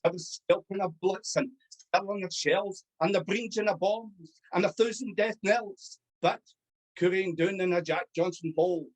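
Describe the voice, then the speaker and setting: Husky poetry reciter. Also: medium pitch, normal speed. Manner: rhythmic, dramatic, storytelling. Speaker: club member reciting verse.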